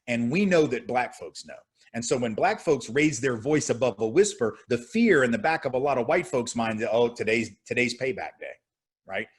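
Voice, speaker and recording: Husky-voiced guy in his 50s giving a fired-up talk on a video call, keeps tossing in "right?". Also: mid-range voice. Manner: impassioned, rhetorical, repeats "right?". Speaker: guest speaker. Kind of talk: lecture answering audience questions.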